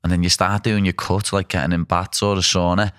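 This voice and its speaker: A man's voice: deep voice, level tone, a little fast, fairly bright tone, smooth, no echo, clean studio sound. A young man with a Liverpool accent hosting a casual chat, blunt and self-deprecating. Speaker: podcast host.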